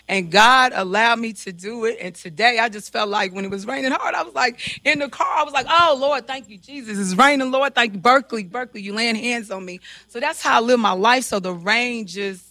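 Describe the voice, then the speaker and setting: Grieving mom testifying, emotional and faithful, bright voice, dry sound. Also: female voice, a little high, no room sound. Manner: faith-filled, emotional, halting. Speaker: grieving mother, guest.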